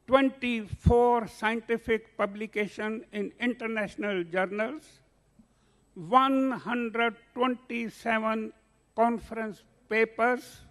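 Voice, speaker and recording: A man chairing a conference, formally introducing a speaker by reading out a list of achievements in a measured way. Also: sits high, fairly bright tone.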